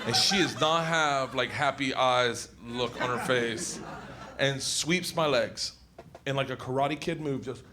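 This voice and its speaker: A man telling a stand-up story on stage, laughing at his own jokes, with his voice cracking high. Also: measured pace, noisy background. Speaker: stand-up comedian. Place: comedy stage.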